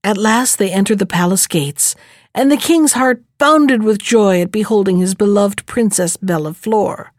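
A woman reading a fairy tale aloud in measured, even narration. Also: medium pitch, dry recording, clean studio sound. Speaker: storyteller.

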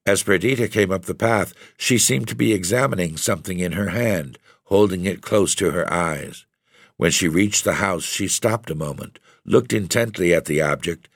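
A man narrating a gothic story with a measured, deliberate reading. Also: deep voice, no room sound, studio quality. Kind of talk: scripted narration of a gothic tale.

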